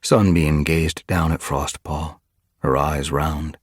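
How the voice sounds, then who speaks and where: A man reading a storybook aloud as narrator, steady and unhurried. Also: a bass voice, breathy edge, dry recording, studio quality. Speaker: audiobook reader. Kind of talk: audiobook narration.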